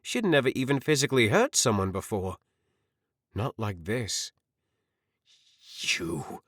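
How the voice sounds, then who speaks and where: A man narrating a fantasy audiobook in an expressive, measured storytelling manner. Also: mid-range voice, no room sound, clean studio sound. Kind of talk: scripted narration.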